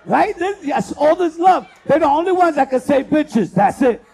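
A man doing a loud, profane stand-up comedy set as host, working the crowd and acting out bits. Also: very high voice, normal speed, vocal fry. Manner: loud, profane, animated crowd work with acted-out voices.

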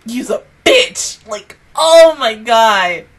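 A young woman hosting an anime reaction video, speaking, excitable and swearing freely, swinging between loud outbursts and hushed whispers. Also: on the high side, drawn-out words, rough recording. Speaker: anime reaction channel host.

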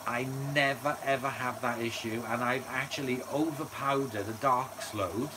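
A man's voice: mid-range voice, steady tone, normal speed, background noise. A man hosting a live stream, chatting enthusiastically and reading out viewer comments with frequent fillers. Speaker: channel host. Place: indoors at home near a running washer.

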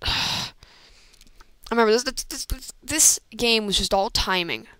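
A woman chats her way through a video game match, exclaiming and rambling as things happen. Her speech is drawn out and unhurried, and her voice is smooth and clean. The old computer mic sits close in a dry, dead room. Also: a little high, no echo. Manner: excitable, rambling, frequent exclamations and laughs. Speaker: gamer commentating own play. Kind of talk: casual gameplay commentary. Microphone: old computer microphone.

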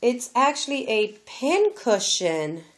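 Lady opening a gift on camera, talks slow, keeps gushing oh my gosh. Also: a little high, sing-song. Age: adult, has a daughter. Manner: gushing, exclaims often. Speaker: crafting vlogger opening a gift. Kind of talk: casual unboxing chat.

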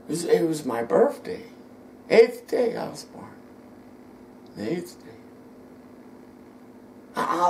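A middle-aged man giving an emotional personal testimony, halting and repeating words, sometimes dropping almost to a whisper. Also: high-pitched, a little mellow, slight background noise.

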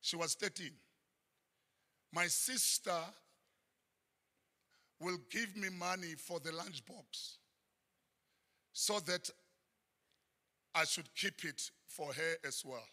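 A middle-aged South African man preaching a sermon, often breaking into shouted high bursts. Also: slow pace, pauses often. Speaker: pastor. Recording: long church hall reverb.

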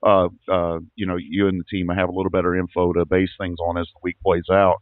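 A man's voice: sits low, level tone, fairly quick, no room sound. A man hosting a racing show, chatting casually and folksily with a guest, often repeating his words. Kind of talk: casual interview. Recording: tinny phone-like line.

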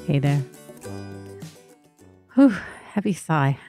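A woman's voice: sits low, lively intonation, very slow, mellow, faint music behind. A woman therapist hosting her podcast, talking candidly and vulnerably in a personal monologue. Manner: candid, vulnerable, emotionally raw.

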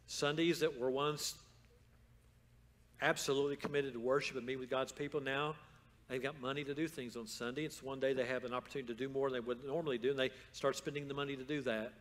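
A man preaching a sermon as pastor in a church, moving from calm storytelling to loud, fervent exhortation. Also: medium pitch, quick pace. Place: church sanctuary.

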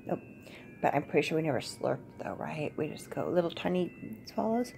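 A woman's voice: low voice, animated, brisk, vocal fry, darkish tone, slight background noise. A middle-aged woman, a mother playing a pretend tea party with her child, talking in a gushing, playfully formal and polite way.

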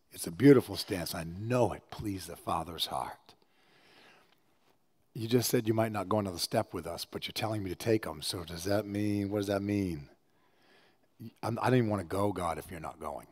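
A male pastor preaching a conversational sermon with personal stories, swinging from hushed, low passages to loud, animated ones. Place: church service.

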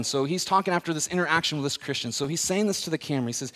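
A man preaching a sermon as the pastor, talking casually and then building to loud, emphatic preaching. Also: a little high, quick pace, few pauses. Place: church sanctuary. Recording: long reverb of a church hall.

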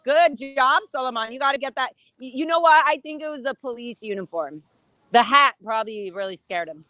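A woman filming herself at a street protest outdoors, calling out loudly and bluntly to the people inside a building, then chatting casually into her phone. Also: sits high, fairly quick, no echo. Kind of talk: confrontational shouting at a building mixed with casual chat. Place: outdoors on a city sidewalk.

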